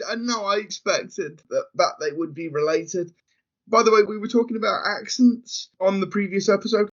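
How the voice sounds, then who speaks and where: A man with a notably high voice talks casually as a podcast co-host. He thinks aloud, repeating words as he finds his point. The audio is dull and lo-fi. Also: moderate pace, fairly bright tone. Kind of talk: casual discussion.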